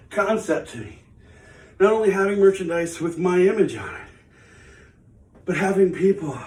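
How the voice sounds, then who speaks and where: A breathless man chats in a rambling, self-mocking way while he works out. His voice sits a bit high for a man. It comes from some distance in an echoey home studio. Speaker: channel host. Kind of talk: casual vlog talk while exercising. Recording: echoey room, away from the mic.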